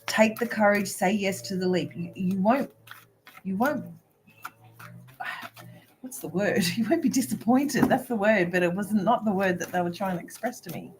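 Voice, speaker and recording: A woman's voice: mid-range voice, moderate pace, background noise. Emphatic woman coaching on a live video. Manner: emphatic and preachy, with a repeated "right?"; giggly, with frank swearing. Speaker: spiritual business coach.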